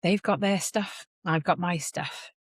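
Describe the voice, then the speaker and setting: A woman's voice: lowish voice, unhurried, no room sound, studio quality. A woman, a podcast guest chatting casually and animatedly, often acting out what others say. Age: 40s. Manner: animated storyteller who acts out others' voices. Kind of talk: casual chat.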